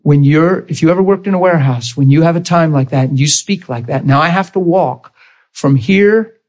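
A pastor preaching in a church, telling his own story with a somewhat high, husky voice. He is animated, and now and then his voice jumps up high in excitement. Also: normal speed. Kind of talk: sermon testimony storytelling. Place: church sanctuary.

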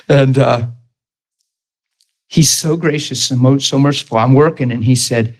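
A man preaching, retelling a story in an animated, emphatic way with lots of repetition. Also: mid-range voice, a little slow, long pauses, rough recording. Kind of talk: storytelling sermon.

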